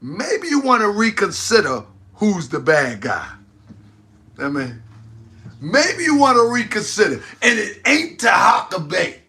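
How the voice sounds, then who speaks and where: Male web-show host, high gravelly voice, unhurried delivery, talks straight to his chat. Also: huge pitch swings, sharp tone. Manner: exclaiming, laughing often, talking to viewers. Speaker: host of an online talk channel. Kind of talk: livestream commentary to a chat.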